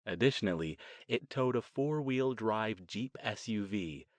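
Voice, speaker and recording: A man reading an audiobook as narrator with steady, even storytelling. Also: lowish voice, unhurried, no room sound. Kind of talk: scripted narration.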